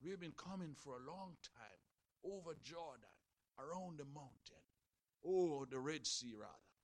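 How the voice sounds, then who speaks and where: A man preaching a sermon, dramatic, moving between loud shouted passages and hushed, quiet ones. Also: fairly high pitch, animated, unhurried, no echo.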